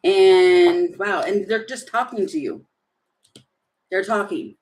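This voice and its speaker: A woman's voice: mid-range voice, very animated, slow pace, darkish tone, low-quality recording. A woman giving a casual tarot reading, chatty and giggly, thinking aloud as she turns the cards. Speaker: tarot reader.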